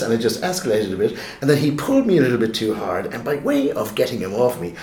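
A man's voice: medium pitch, sing-song, quick pace, hardly any pauses, a little mellow. A man telling a story in casual conversation, rambling and self-mocking, with many restarts. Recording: roomy echo.

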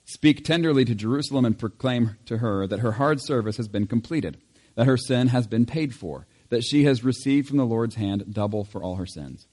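A man serving as pastor, leading a church service with prayer and scripture reading, reading in a measured way and lifting his voice on key lines. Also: mid-range voice, animated, a little mellow, long reverb tail. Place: church sanctuary.

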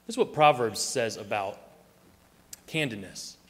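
A man's voice: mid-range voice, lively intonation, moderate pace, long pauses, a bit bright, long reverb tail. A man preaching a sermon, telling stories and acting out the voices he quotes. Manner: storytelling, acts out quoted voices. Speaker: pastor.

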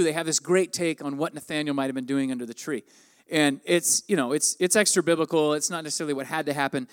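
A man in his forties gives a conversational sermon. His voice sits high for a man. He slips into the people of the story as he quotes them. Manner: conversational, acts out quoted lines with raised pitch. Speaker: pastor.

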